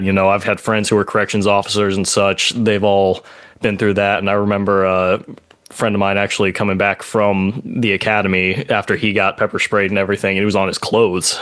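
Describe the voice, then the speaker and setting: A man hosting a casual interview podcast, talking in a relaxed, conversational way. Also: lowish voice. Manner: relaxed, conversational, uses fillers like "like" and "for sure". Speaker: podcast host.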